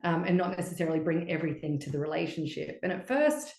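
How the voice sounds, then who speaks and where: Expressive woman guest in an echoey room. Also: on the low side, quick pace. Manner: expressive, lively, often acts out quoted voices. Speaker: podcast guest, relationship coach. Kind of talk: casual podcast conversation.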